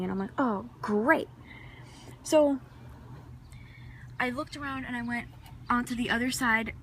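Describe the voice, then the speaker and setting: Excitable teen girl telling a rambling story. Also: on the high side, slight background noise. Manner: excitable, rambling, many restarts and fillers. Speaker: vlogger. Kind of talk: casual storytelling vlog. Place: outdoors in a neighborhood street.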